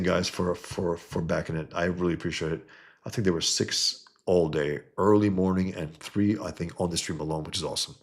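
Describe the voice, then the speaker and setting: A man hosts a casual livestream and talks to his viewers with plenty of enthusiasm. His voice is very low, with a gravelly edge. He often stops and repeats words as he speaks. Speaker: comic creator hosting a livestream.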